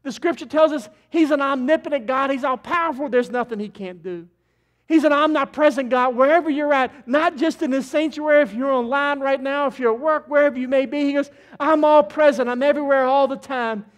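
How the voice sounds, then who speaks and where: A man pastor preaching an impassioned sermon in a church sanctuary, swinging from loud to quiet. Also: extremely high pitch, brisk.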